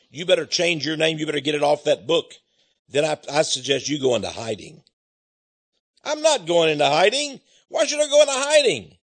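A man from Texas delivering a preachy monologue as an author promoting his book, chuckling often and repeating words as he goes. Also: high-pitched.

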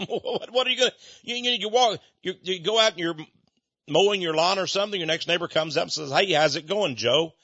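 A man's voice: high-pitched, quick pace, sharp tone, no room sound. An older man, preaching in a chatty, folksy way, laughing often and acting out little conversations. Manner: chatty, laughs often, acts out quoted voices. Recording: dull dry lo-fi recording.

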